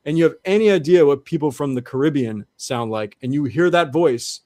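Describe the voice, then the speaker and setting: A man's voice: a little high, brisk, darkish tone, no room sound, clean studio sound. A man speaking as a guest in an interview, earnestly laying out an argument step by step with frequent restarts. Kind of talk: conversational interview explanation.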